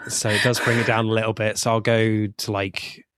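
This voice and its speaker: A man's voice: fairly low pitch, flat delivery, normal speed, a bit bright, no echo, studio quality. A man hosting a casual film podcast, laughing often and restarting his sentences as he talks. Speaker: podcast host. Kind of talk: casual film review chat.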